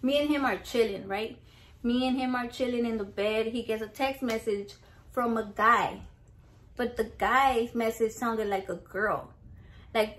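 A woman vlogger telling a story in a blunt, profane, animated way, acting out what people said. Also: a little high, normal speed. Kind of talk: casual storytime vlog.

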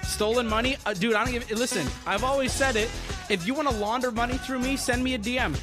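A man streaming live, chatting casually with his audience in a rambling, excitable way and swearing a lot. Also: very high-pitched, quick pace, over music.

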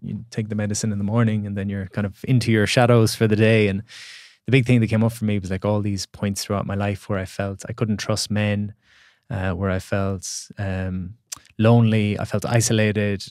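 Male podcast guest, low voice, thoughtful storyteller, dry close sound. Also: flat delivery, normal speed, a little mellow, no room sound. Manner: reflective, storytelling, many restarts. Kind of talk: casual podcast conversation.

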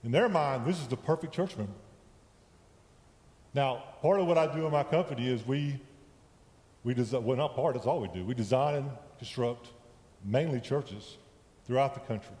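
A man's voice: mid-range voice, normal speed, pauses often, a little mellow. A man giving a conversational sermon in a church, often checking in with his listeners. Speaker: lay preacher. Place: church sanctuary. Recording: echoey church hall with long reverb.

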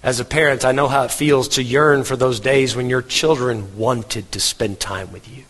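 A man in middle age preaches with earnest, emphatic repetition, his voice sitting at a middle pitch. The sermon rings out in a church hall with a long, lingering reverb. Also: steady tone, moderate pace, a bit bright, husky. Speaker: pastor.

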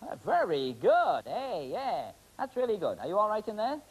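A middle-aged man hosts a magic act on a studio stage, joking and teasing his volunteers. His voice sits a little high and swings widely in pitch. A faint hiss runs under the 1980s TV broadcast. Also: wildly swooping pitch, moderate pace. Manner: joking, chatty, teasing, many fillers. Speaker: magician host. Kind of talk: comic stage patter with volunteers. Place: TV studio stage with live audience.

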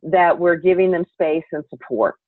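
Low-voiced woman on a tinny call. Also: dry recording. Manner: calm, measured, instructive. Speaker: yoga teacher guest. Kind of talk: explanatory interview answers. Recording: tinny dry call audio.

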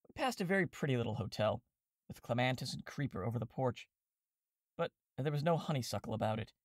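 A man narrating a classic comic novel in a steady, wry storytelling manner, voicing the characters as he goes. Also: medium pitch, fast talker, dry recording, clean studio sound. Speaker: audiobook reader and podcast host.

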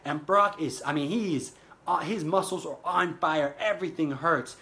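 Bright, earnest motivational male speaker. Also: on the high side, normal speed. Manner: earnest, addresses listeners as guys, repeats phrases for emphasis. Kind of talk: motivational talk retelling a film scene.

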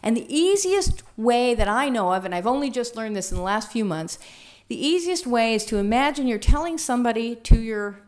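A woman trainer leading a workshop, talking in a lively, conversational way and asking the room questions. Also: a little high, fairly quick. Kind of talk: teaching a workshop.

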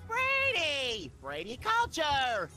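A very high, piercingly bright cartoon game voice, a manic male ex-child-star who pretends to be a therapist. He chirps every line with relentless cheer, and his pitch leaps around. Faint music plays underneath. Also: wildly swooping pitch, slow, exaggerated voice. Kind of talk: cartoonish video game voice acting.

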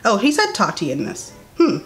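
A young woman giving sassy, incredulous commentary as she reads a statement aloud, jumping between high exclamations and low mutters. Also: huge pitch swings, normal speed. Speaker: commentary YouTuber.

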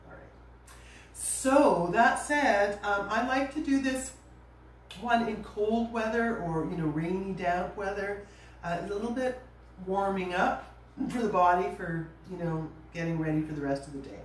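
A woman teaching a yoga class, giving calm, gentle cues with casual asides. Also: mid-range voice, a little slow. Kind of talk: guided yoga class instruction. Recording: echoey room, voice from a distance, faint noise.

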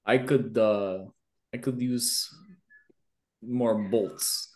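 A man's voice: fairly low pitch, fairly even intonation, extremely slow, a little hiss or hum. A man playing in a tabletop game, speaking casually and hesitantly. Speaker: player.

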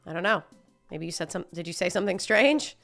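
A woman streaming a video game live, jumpy and excitable, swearing and laughing as she plays. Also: fairly low pitch, fairly quick, vocal fry, faint music behind. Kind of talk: live gameplay commentary.

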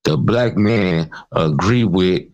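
A man's voice: low-pitched, takes it slowly, darkish tone, highs cut off. A man hosting his own channel, delivering an angry, profane, mocking commentary rant. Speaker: channel host. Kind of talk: ranting commentary vlog.

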